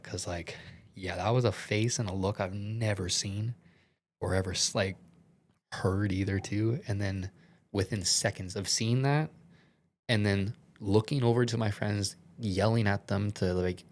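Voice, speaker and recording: A man's voice: deep voice, a little mellow. A young man, a podcast guest, telling a story in a casual, rambling way with many filler words and some swearing, earnest and shaken.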